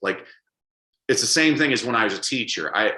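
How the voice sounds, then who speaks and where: A man speaking as an interview guest, an animated storyteller who acts out quotes. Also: medium pitch, brisk, echoey room, poor audio. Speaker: guest, public speaker and coach. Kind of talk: conversational interview.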